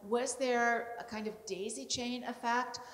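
A woman interviewer asking slow, searching questions at a public talk. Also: fairly high pitch, fairly even intonation. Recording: distant voice in echoey hall, faint hiss.

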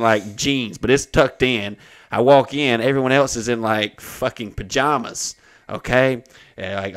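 A man, hosting a comedy podcast and telling a long story, swearing freely and acting out the other people in it. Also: mid-range voice. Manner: profane, animated storytelling with acted-out voices. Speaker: comedian host.

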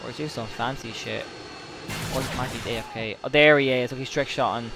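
Excitable young man gaming. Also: medium pitch, brisk, gravelly, noisy background. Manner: excitable, swears often, with sudden outbursts. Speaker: gaming channel host. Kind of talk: gameplay commentary.

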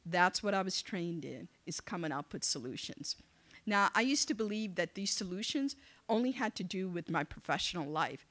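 A woman giving a motivational speech to young people, telling a story in an animated, conversational way and acting out the dialogue. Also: on the low side, moderate pace. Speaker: keynote speaker. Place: event venue.

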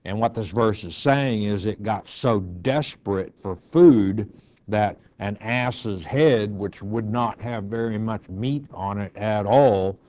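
An older man, a pastor, teaching verse by verse from the Bible, reading scripture aloud and then explaining it in an unhurried way with frequent fillers. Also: lowish voice, darkish tone. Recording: dull lo-fi recording.

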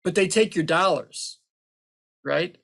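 Man, guest accountant, emphatic, teasing, slightly high voice. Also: slow, vocal fry, sharp tone. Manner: emphatic, teasing, explains with everyday examples. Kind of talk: interview answers.

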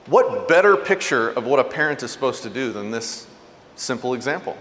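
A man giving a parenting talk, telling stories earnestly and going soft and low for tender points. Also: a little fast, long reverb tail. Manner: earnest, animated storyteller, drops soft and low for tender moments. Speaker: parenting speaker. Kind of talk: motivational talk.

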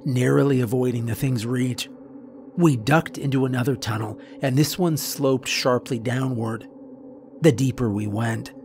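A man narrating a scary story in the first person, slow and measured. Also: mid-range voice, a little mellow, a little hiss or hum. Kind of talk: scripted narration. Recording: faint background music.

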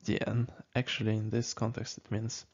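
A man teaching a casual spoken language lesson, talking slowly and haltingly with many fillers and frequent "okay?" checks. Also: on the low side, monotone, gravelly. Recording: dull lo-fi recording.

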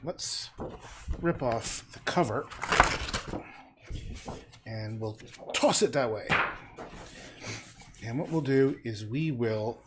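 A man's voice: mid-range voice, takes it slowly, pauses often, very noisy. A man chatting casually on a livestream while he paints, often muttering and half-whispering asides to himself, from his home studio.

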